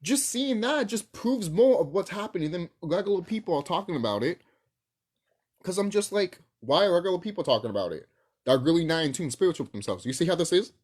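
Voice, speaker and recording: Young adult vlogger, husky voice, swooping lively pitch, profane rambling rant. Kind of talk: casual rambling talk to camera.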